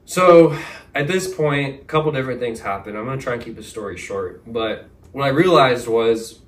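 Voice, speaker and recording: A young man, a podcast guest, telling a story in a casual, animated way, full of slang. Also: mid-range voice, moderate pace. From Texas. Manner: animated, slangy, says "bro" and "like" a lot. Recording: roomy, mic at a distance.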